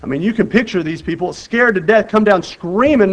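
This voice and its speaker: A man preaching a sermon in an earnest, conversational way. He repeats and restarts his phrases, and his delivery moves between loud urgency and quiet emphasis. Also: high-pitched, fairly quick, rough recording. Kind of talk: sermon with Bible reading.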